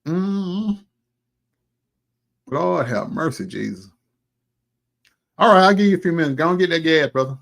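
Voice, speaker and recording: This male livestream host has a gravelly voice on the high side. He chats casually and exclamatorily, full of energy, with folksy asides and frequent long hums.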